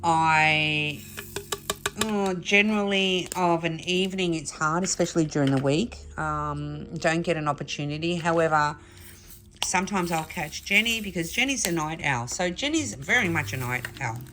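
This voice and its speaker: A woman's voice: sits low, moderate pace. A middle-aged woman hosting a craft vlog, telling a funny story to camera in a chatty, laughing way. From Australia. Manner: chatty, laughing, animated retelling. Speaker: craft channel host.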